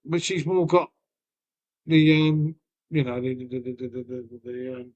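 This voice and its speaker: The muffled recording carries a medium-pitched, darkish male voice moving a little slowly. He's a Lincolnshire man casually chatting on his live stream, joking with viewers, cursing freely and sprinkling in "mate" and "innit" with a folksy touch.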